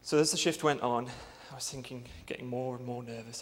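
A young man, a church intern, telling a personal testimony earnestly, with many pauses and fillers. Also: mid-range voice, steady tone, big-room sound, noisy background.

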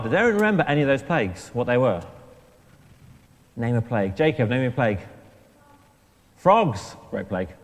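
A man preaching an all-age church sermon, chatty and lively, asking the children questions. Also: mid-range voice. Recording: long church reverb.

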